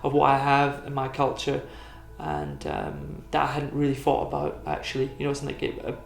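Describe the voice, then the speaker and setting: A man's voice: mid-range voice, normal speed, vocal fry, roomy sound. A Scottish man from Edinburgh, a tattoo artist talking in a documentary interview, rambling and full of "you know". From Edinburgh, Scotland.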